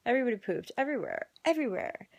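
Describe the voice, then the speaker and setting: Tired chatty mom, dry phone audio. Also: female voice, a little high, big pitch swings, racing, vocal fry, dry recording. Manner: tired, chatty, often drops to a whisper. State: exhausted. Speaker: mother vlogging. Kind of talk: casual storytelling vlog. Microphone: phone camera.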